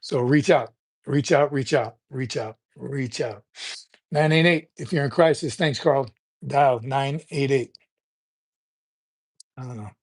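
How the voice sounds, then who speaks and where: A man's voice: medium pitch, slow, pauses often. An older man hosting a casual livestream chat, talking in a loose, rambling way and often repeating words as he gathers his thoughts. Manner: rambling, conversational, repeats words while thinking. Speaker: livestream host.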